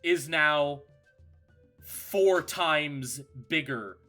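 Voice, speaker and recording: Slow, dramatic male game master. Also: fairly high pitch, pushed and bright, soft background music. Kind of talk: narrating a tabletop game.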